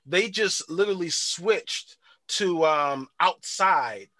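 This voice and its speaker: A man hosting a casual chat, recapping a TV episode in a rambling, slangy, animated way. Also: high-pitched, takes it slowly, no room sound. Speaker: podcast host.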